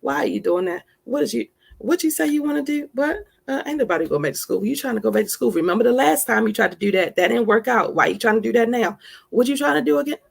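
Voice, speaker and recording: A woman's voice: a little high, lively intonation, vocal fry, husky, voice pushed up, exaggerated voice. A woman voicing a sassy, mocking inner critic. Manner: needling, sassy rapid questions.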